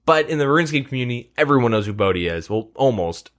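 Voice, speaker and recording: A man's voice: mid-range voice, expressive, fast. A man chatting loosely on a podcast, his sentences wandering and packed with filler words. He swears offhandedly and circles back on himself as he goes. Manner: rambling, filler-heavy, swears casually. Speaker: podcast host. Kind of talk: casual chat.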